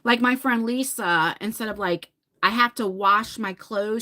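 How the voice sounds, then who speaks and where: A woman's voice: mid-range voice, brisk, sharp tone. A woman in her forties with a New Jersey accent, chatting casually with her livestream viewers in a rambling way, laughing and swearing now and then. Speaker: livestream host.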